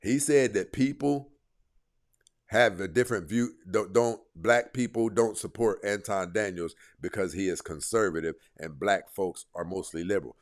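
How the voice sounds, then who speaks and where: A man's voice: deep voice, moderate pace. A man hosting an online commentary show, reacting to clips in a heated, emphatic way and repeating points for emphasis.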